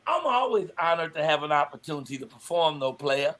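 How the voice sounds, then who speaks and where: A man's voice: a little high, very animated, fairly quick, a crowd in the background. A male comedian telling jokes as a podcast guest, brash, profane and self-assured.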